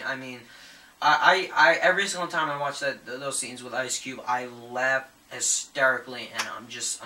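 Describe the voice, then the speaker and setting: Male movie vlogger, eager and rambling, crisp bright tone, roomy echo. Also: medium pitch, distant mic. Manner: rambling, many fillers and restarts; enthusiastic. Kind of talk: casual news commentary. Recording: echoey room, voice set back from the mic, faint ambient noise.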